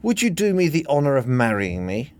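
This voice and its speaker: A man voicing a gruff, testy older businessman in a satirical reading. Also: medium pitch, very animated, brisk, voice pushed up, close to an everyday voice.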